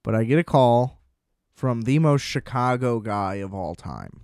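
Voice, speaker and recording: A man's voice: medium pitch, animated, moderate pace, a little mellow, dry recording, studio quality. A young adult man telling a rambling, sardonic storytime monologue from a small room at home, full of self-deprecating asides. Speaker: solo storyteller. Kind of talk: casual comedic storytime monologue.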